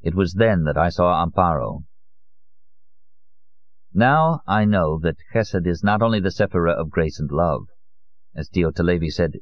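A man narrating a novel as an audiobook in an expressive, literary reading style. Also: low voice, no echo, lo-fi sound.

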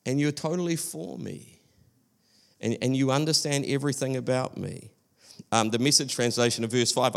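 A man's voice: mid-range voice, normal speed, creaky. A male preacher giving an earnest, conversational sermon, often restarting his sentences.

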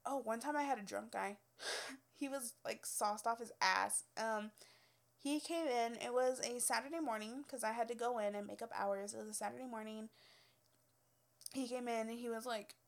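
A young woman tells stories from her work in a casual, unscripted way. Her voice sits slightly high. She is blunt and profane and fills her talk with filler words. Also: moderate pace, creaky. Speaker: cosmetology student telling work stories. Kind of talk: casual storytelling.

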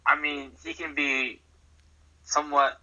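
A man's voice: fairly high pitch, level tone, measured pace, bright, forceful tone, muffled recording. A man co-hosting a podcast, answering briefly and agreeably. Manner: laconic, agreeable, repeats "definitely". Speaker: podcast co-host.

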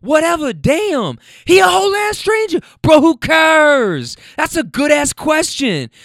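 A man voicing a furious young woman screaming at her partner in the street, shrill and yelling at the top of her lungs. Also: sing-song, a little slow, creaky, no echo, clean studio sound, full character voice.

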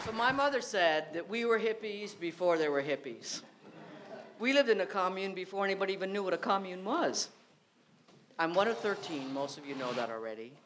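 A man from Vermont telling a story on a theater stage to a live audience, relaxed and wry. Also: high-pitched, brisk.

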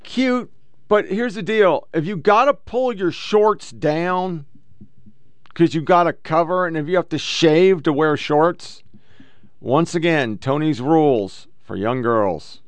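A man's voice: fairly high pitch, slow pace, no room sound. A middle-aged man hosting a casual, profane commentary show, bluntly lecturing about the clips he plays. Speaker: podcast host reacting to clips.

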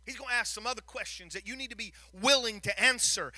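A man preaching a sermon, retelling a Bible story with lively acted-out lines and frequent stumbles and repeated words. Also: extremely high pitch, fairly quick, hardly any pauses, no room sound.

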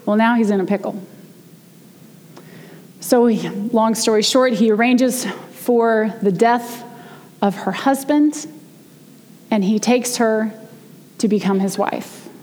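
A woman's voice: on the high side, darkish tone, slight background noise. Woman preaching in a reverberant church. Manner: conversational storytelling, slows down for emphasis. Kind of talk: sermon. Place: church sanctuary.

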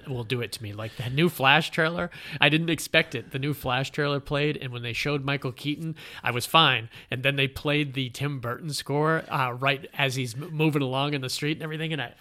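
A middle-aged man co-hosts a casual movie podcast in a bright, forward voice at an average pitch. He laughs often and swears easily as he recaps scenes. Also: steady tone, a little fast, hardly any pauses. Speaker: podcast co-host.

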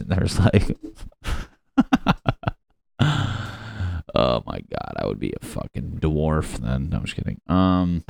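Low-voiced man on a profane rant. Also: huge pitch swings, slow pace, gravelly, long pauses, darkish tone, no room sound. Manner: profane, rambling, mocking. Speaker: podcast host. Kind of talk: casual comedic rant.

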